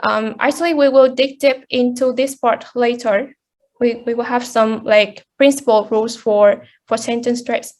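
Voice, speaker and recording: Young woman, high voice, halting class presentation with lots of ums. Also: fairly even intonation, darkish tone. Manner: hesitant, many fillers and restarts. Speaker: student presenter.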